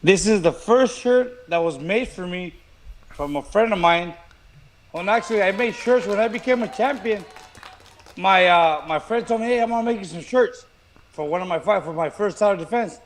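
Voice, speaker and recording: Man, high voice, repeats himself, stammers, laughs, casual podcast talk, faint background hiss. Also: expressive, normal speed. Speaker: former boxing champion guest. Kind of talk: casual joking podcast chat. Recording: faint noise with clicks.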